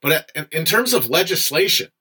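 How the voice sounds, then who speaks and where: A man's voice: fairly high pitch, very animated, moderate pace, bright, forceful tone. A young man hosting a casual livestream book discussion, chatty and digressive, with frequent fillers and some swearing.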